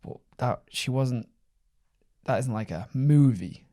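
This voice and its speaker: A man's voice: mid-range voice, animated, takes it slowly, dark tone, no room sound, clean studio sound. A young man co-hosting a casual podcast, telling stories and laughing at himself. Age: young adult. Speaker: podcast co-host.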